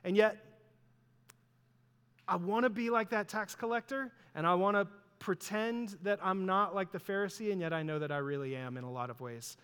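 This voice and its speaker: A man's voice: high voice, normal speed, fairly bright tone, clean tone. A man preaching a sermon, telling stories in a conversational, self-deprecating way. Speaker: pastor. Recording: long hall reverb.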